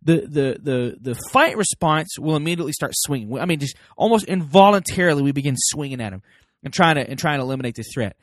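A man hosting a casual parenting talk, folksy and animated, acting out quoted voices as he speaks. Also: on the high side, fast talker, no room sound, clean studio sound. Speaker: parenting podcast host.

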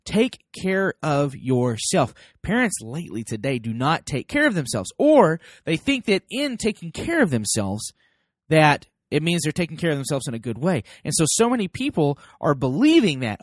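Male host, casual and animated, slightly high voice, dry close recording. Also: brisk, dry recording. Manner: animated, folksy, acts out quoted voices. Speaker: parenting podcast host. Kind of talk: casual talk to listeners.

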